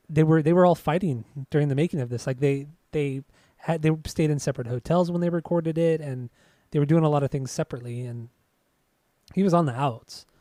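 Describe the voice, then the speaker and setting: A man co-hosting a podcast in relaxed, teasing casual chat. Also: fairly high pitch, no room sound, clean studio sound. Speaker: podcast co-host.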